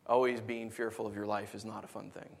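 A man preaching a sermon as a pastor. He speaks in an animated, conversational way and often repeats words as he restarts his sentences. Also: on the low side, fairly quick, creaky.

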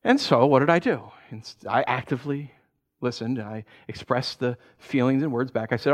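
A man's voice: mid-range voice, normal speed. A male pastor preaching a storytelling sermon, acting out dialogue and asking the audience "right?" as he goes. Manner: animated, acts out dialogue in his stories; conversational, asks the audience "right?".

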